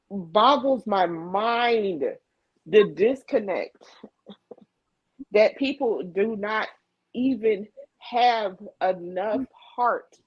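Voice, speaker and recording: A middle-aged woman speaking slowly in a husky voice, hammering points home by repeating herself. Her words land dry and close, with no room sound. The stream audio is a bit dull and lo-fi, as over a video call. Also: on the high side, no echo. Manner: emphatic, repeats phrases for emphasis. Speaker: livestream co-host. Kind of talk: candid conversation. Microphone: video call mic.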